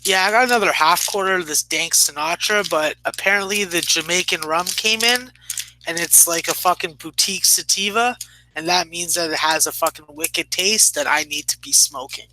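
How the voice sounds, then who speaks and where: A man's voice: on the high side, normal speed, bright, forceful tone, slight background noise, poor audio. A man co-hosting a casual late-night podcast, loose and joking, with heavy swearing. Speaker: podcast co-host.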